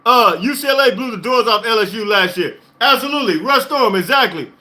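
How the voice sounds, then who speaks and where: An excited man hosting a sports reaction stream, talking emphatically, repeating himself and laughing often. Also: very high voice, a little fast. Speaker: podcast host. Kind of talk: live-stream sports reaction, reading chat.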